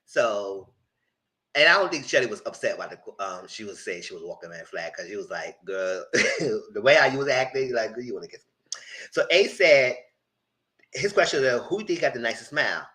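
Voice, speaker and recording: Animated man with a bright voice. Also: moderate pace. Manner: animated, breaks into high shrieks and laughter when excited; acts out quoted lines in voices. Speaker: reality TV recapper. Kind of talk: live recap commentary.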